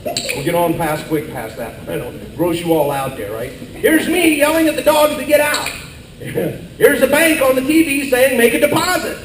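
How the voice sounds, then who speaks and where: An older man performing a corny comedy slide show for a live audience, narrating and yelling out quoted lines. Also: very high-pitched, lively intonation, a little slow, a little hiss or hum. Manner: corny storytelling with exaggerated yelled quotes. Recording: echoey live hall from far off with audience.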